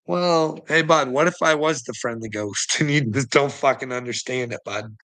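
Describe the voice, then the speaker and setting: A man's voice: mid-range voice, normal speed, a bit bright, low-quality recording. A man delivering a rambling, profane monologue as a vlogger, laughing between phrases.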